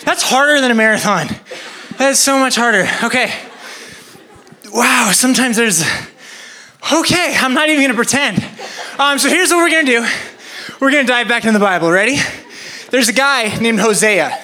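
A man's voice: extremely high pitch, normal speed, long pauses, bright, forceful tone. A young man preaching to children, out of breath and talking in jokey, laughing asides. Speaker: youth preacher. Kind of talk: energetic kids' sermon.

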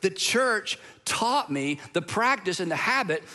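A man's voice: sits high, lively intonation, a little slow, sharp tone. A middle-aged man from Georgia, a pastor giving a sermon, telling personal stories in a conversational way with self-deprecating asides. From Georgia, USA.

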